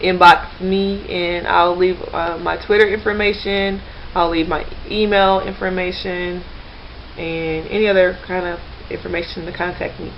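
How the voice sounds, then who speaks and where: A woman's voice: fairly low pitch, little pitch movement, normal speed, a little hiss or hum. A woman chatting casually to camera in a rambling way, with plenty of fillers and restarts. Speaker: language learner vlogger. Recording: slightly dull lo-fi webcam recording.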